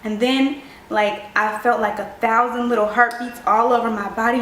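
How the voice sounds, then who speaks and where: Young woman vlogger, lively storyteller, slightly high, roomy echo from an off-camera mic. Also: normal speed, far from the mic, slight background noise. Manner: animated storytelling, acts out quoted voices. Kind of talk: storytime vlog.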